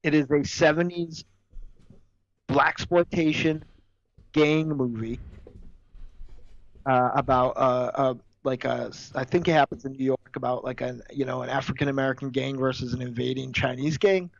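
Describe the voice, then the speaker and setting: A man's voice: medium pitch, steady tone, moderate pace, creaky, no echo, highs cut off. A man co-hosting a casual podcast chat who swears often and argues his point hard. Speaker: podcast co-host.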